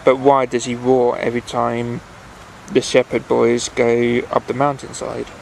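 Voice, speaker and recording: A cautious baker from a bedtime storybook, wary and matter-of-fact, as a man puts him on. His voice is gravelly and flat. Faint noise carries in the background. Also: medium pitch, measured pace, rough recording.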